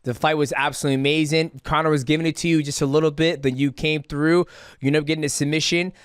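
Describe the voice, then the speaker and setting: A man with a smooth, resonant voice that sits on the higher side hosts a podcast interview. His chatty recaps lead into his questions. The sound is dry and close, with no room echo. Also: level tone, fast talker. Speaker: podcast host. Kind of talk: casual interview chat.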